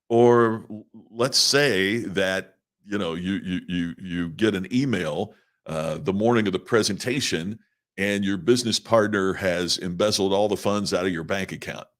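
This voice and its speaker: A man's voice: deep voice, close to an everyday voice. Man retelling a blunt, wry speech coach. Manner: wry, hypothetical scenarios.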